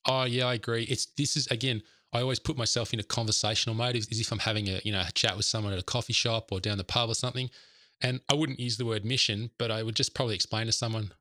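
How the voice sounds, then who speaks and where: Fast-talking bright-voiced man co-host. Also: fairly low pitch, fairly even intonation, dry recording, studio quality. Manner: conversational, agreeable. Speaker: podcast co-host. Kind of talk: casual chat.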